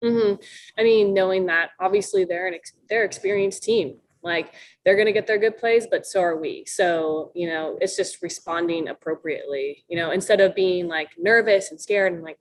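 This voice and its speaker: A young woman from Minnesota with a slightly low voice talks in a relaxed, chatty way. She laughs often and slips into little acted-out quotes as she answers questions on a podcast. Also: brisk, low-quality recording. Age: young adult. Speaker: college volleyball player guest.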